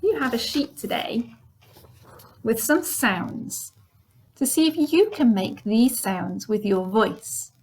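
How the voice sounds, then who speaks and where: Very slow, patient woman teacher. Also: fairly high pitch. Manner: demonstrates sounds, bilingual repetition. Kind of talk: slow, clear lesson for young children.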